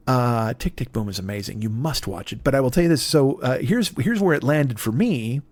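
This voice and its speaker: A man's voice: medium pitch, animated, fairly quick, few pauses, darkish tone, no echo. A man in his fifties hosting a comedy podcast, rambling in a profane, self-deprecating monologue. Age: 50s. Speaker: podcast host.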